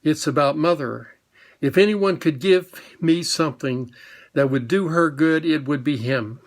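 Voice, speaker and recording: A man's voice: a little high, unhurried. A man voicing an earnest, anxious young boy who speaks urgently and pleadingly.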